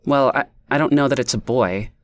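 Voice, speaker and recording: A man's voice: mid-range voice, fairly quick, dry recording, pitched above the performer's own voice, close to an everyday voice. Brief: a man doing a curt, smug pregnant woman for an audiobook, slightly raised voice, dry sound. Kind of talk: audiobook character voice.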